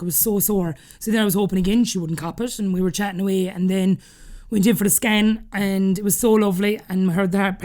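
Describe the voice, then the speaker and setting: Fast-talking Irish woman telling stories. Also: medium pitch, darkish tone. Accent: Irish, Cork. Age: 30s. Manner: chatty, laughing often while telling stories. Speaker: podcast guest. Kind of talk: casual storytelling interview.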